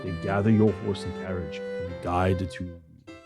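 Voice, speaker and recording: A man narrating a tabletop game as dungeon master, describing scenes with restarts and pauses. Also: sits low, flat delivery, over music.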